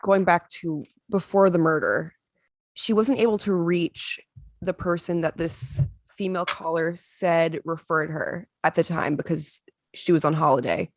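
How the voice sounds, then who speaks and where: A woman hosting a podcast asks her guest careful, measured questions. Her voice is very low for a woman. The sound is close and dry. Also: no room sound. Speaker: podcast co-host. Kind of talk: interview questions.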